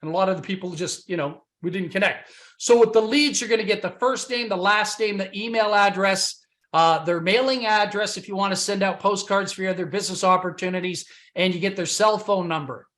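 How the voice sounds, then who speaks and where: A man giving a loud, boastful sales pitch on a conference call, punchy and swinging between shouted emphasis and low asides, his voice a bit worn from talking loud. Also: brisk. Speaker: business opportunity presenter on a conference call.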